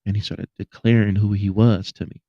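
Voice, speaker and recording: Earnest low-voiced man telling a testimony. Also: flat delivery, brisk, no room sound, dull audio. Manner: earnest storytelling, repeats phrases. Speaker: podcast host. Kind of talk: personal testimony, casual.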